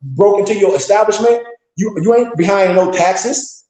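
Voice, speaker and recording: A middle-aged man with a high voice and an African American Vernacular English accent lectures bluntly, swearing and scolding as he goes. The sound is echoey, as if recorded in a bare room. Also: moderate pace, dark tone. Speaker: temple leader. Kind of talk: fiery streetwise lecture.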